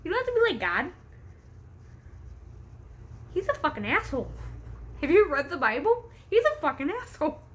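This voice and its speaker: A young woman telling a story in a casual vlog, hyper from caffeine, rambling, laughing often and swearing freely. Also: sits high. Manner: giggly, rambling, profane, easily distracted. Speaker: vlogger. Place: home room with a pet bird.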